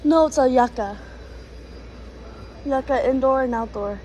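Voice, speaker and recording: High-voiced gushing young woman vlogger. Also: a little slow, darkish tone, low-quality recording. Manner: chatty, gushing, many fillers and restarts. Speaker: plant vlogger. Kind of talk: casual vlog walkthrough. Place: indoor garden store. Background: faint store noise.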